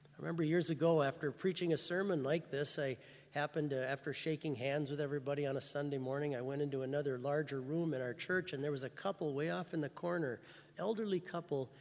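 Male pastor, slightly high-pitched, earnest sermon delivery, reverberant hall. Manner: earnest storytelling, rising to fervent emphasis. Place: church chapel.

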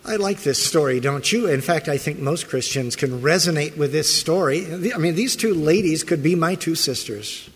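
A man's voice: a little high, lively intonation, moderate pace, hardly any pauses, breathy edge. A man preaching a morning sermon as pastor, emphatic and fond of rhetorical questions. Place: church sanctuary. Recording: long reverb of a large hall.

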